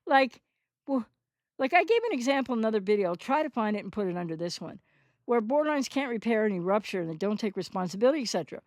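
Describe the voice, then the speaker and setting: Higher-voiced woman in her sixties, rambling. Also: very animated, quick pace, no room sound, studio quality. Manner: rambling, self-correcting, candid. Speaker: recovery channel host. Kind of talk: unscripted monologue answering a commenter.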